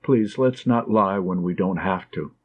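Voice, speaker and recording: A man's voice: sits low, unhurried, highs cut off. A man reading Catherine, a fragile, lovesick young nurse. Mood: wistful.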